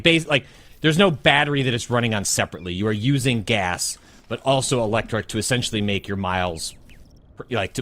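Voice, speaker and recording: A man's voice: fairly low pitch, fairly bright tone. A man, a podcast co-host, talking in a rambling casual way with many fillers and restarts. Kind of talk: casual chat.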